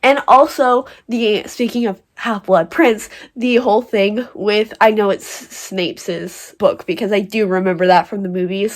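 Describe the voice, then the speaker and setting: A woman's voice: a little high, a bit bright. A young woman talking casually and emotionally about a book she is reading, gushing and swearing freely as a book vlogger.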